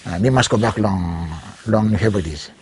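With a lower voice and a breathy edge, a man with a Ni-Vanuatu Bislama accent shares his life story in an interview. His speech is halting and mixes Bislama, English and French. The recording is dry.

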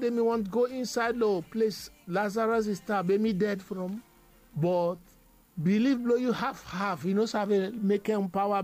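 A man leads a devotional sermon, his voice sitting fairly high. He drives his message through rhythmic, emphatic repetition, and soft music plays quietly behind him. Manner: repetitive, emphatic preaching cadence. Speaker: preacher.

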